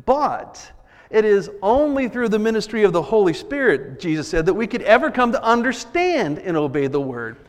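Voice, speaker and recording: Male pastor with a high voice, preaching earnestly and emphatically, heard with long hall reverb. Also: sing-song, moderate pace. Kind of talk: sermon.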